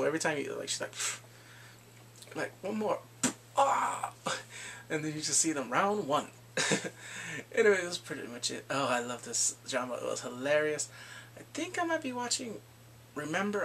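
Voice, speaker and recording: A man casually recapping a TV drama, animated and laughing often as he acts out lines. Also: fairly high pitch, gravelly, slight background noise. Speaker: drama review vlogger.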